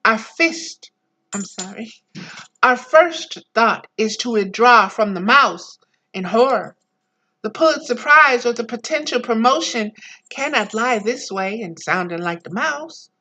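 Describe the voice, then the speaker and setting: A woman reads a book aloud at an unhurried pace, lingering on phrases as she teaches. Her voice is bright and forward. Now and then she slips into quieter, lower personal asides to her listeners. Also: expressive, rough recording. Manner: slow, deliberate reading, drifting into soft low asides. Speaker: spiritual teacher reading aloud.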